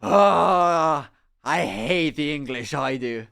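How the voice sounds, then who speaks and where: A man putting on a loud drunk Irish pub brawler. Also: fairly high pitch, slow pace, vocal fry, full character voice. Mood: drunk, hostile. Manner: loud, belligerent, slurring taunts.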